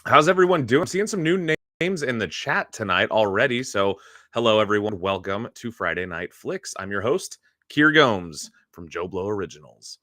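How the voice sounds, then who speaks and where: A man hosting a casual live stream, chatting with viewers and sounding a bit sick and hoarse. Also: on the low side, lively intonation, moderate pace, sharp tone, no echo, studio quality. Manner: chatty, greets viewers by name. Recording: faint music in background.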